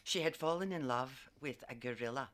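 An Australian woman, a psychic and former community worker, telling stories in a lively, laughing way as a guest. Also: very deep voice. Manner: animated, laughs often, quick asides. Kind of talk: storytelling in casual conversation.

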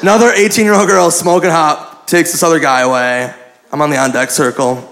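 A man doing stand-up, telling a story in an animated, profane way and acting out the people in it, on a club mic. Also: on the high side, brisk, vocal fry. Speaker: stand-up comedian. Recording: live club mic with a noisy crowd.

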